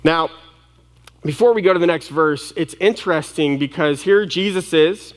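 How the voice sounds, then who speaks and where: A man preaching a sermon as pastor, dramatic, swinging from hushed to loud and acting out panicked voices. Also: on the high side, moderate pace, long reverb tail. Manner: acts out the disciples' panicked voices.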